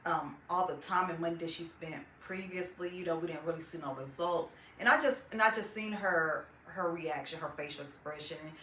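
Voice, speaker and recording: A woman giving a heartfelt, halting testimonial about her mother's treatment, holding back tears as she speaks. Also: lowish voice, pushed and bright, slight background noise. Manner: heartfelt, halting, with many "um"s and "I just". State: tearful, holding back emotion. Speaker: client's daughter giving a testimonial. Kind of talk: personal testimonial. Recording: echoey room.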